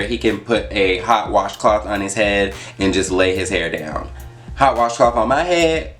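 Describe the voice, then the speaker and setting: A man's voice: lowish voice, a bit bright. A young man talking casually on his vlog, chatty and full of fillers and asides. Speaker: YouTuber.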